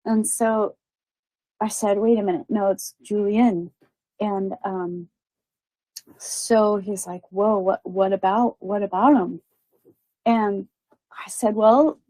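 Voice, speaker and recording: A woman's voice: mid-range voice, warm tone, dry recording, low-quality recording. A woman telling a story as a medium, chatty and full of fillers and quoted voices. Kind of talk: casual storytelling.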